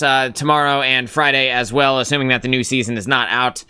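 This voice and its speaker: A man hosting a live game stream talks casually and meanders from thought to thought, filling gaps with "uh" and "um". His voice is bright and crisp, recorded dry and close on a desk mic. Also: mid-range voice, brisk, hardly any pauses, no echo. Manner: relaxed and rambling, with many fillers. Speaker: host of a live gaming stream.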